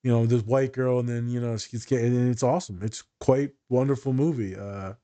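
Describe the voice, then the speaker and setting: Man, therapist co-host, casual talk, animated storyteller, sarcastic streak. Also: medium pitch, a little fast. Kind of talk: casual podcast chat.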